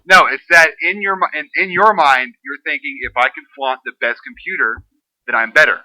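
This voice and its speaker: A man's voice: on the high side, normal speed, sharp tone, no room sound, low-quality recording. A man co-hosting a podcast, arguing his point and explaining at length. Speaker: podcast co-host. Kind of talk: casual chat.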